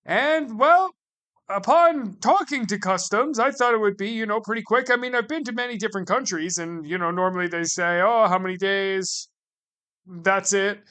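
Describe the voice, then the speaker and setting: A man's voice: high-pitched, moderate pace, pushed and bright. A man from the United States telling a casual comedic travel story, rambling and sarcastic, repeating himself with many asides.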